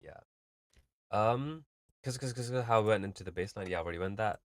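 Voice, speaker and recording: Male streamer, lowish voice, casual rambling feedback, dry close sound. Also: a little fast, no echo. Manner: rambling, filler-heavy, explains with vivid analogies. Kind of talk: casual live-stream commentary.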